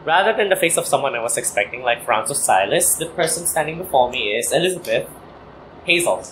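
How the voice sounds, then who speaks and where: Hoarse young man reading a game aloud. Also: medium pitch, expressive, fairly quick, fairly bright tone, slight background noise. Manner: casual, coughing, apologetic asides. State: hoarse, worn-out voice. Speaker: gaming YouTuber. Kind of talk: let's play, reading a visual novel aloud.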